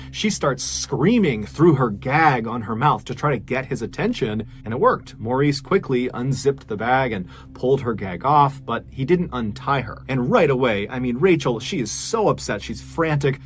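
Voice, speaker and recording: A man tells a true crime story in a relaxed, conversational podcast manner, dropping in casual asides as he goes. His voice sits in an ordinary middle pitch. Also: moderate pace, few pauses. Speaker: podcast narrator.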